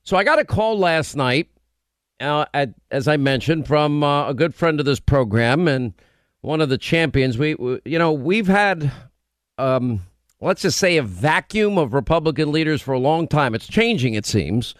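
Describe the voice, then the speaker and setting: A man's voice: on the high side, dry recording, studio quality. A man hosting a political talk radio show, with a combative, run-on delivery. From United States.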